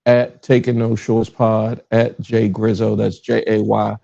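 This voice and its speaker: A man's voice: fairly low pitch, flat delivery, unhurried, vocal fry, warm tone. A middle-aged man from Richmond, Virginia, with a Southern accent, hosting a podcast livestream alone in casual, rambling talk that keeps interrupting itself. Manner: rambling, self-interrupting, fumbles with his stream setup. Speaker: podcast host. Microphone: livestream with phone recording. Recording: slightly dull, lo-fi livestream audio.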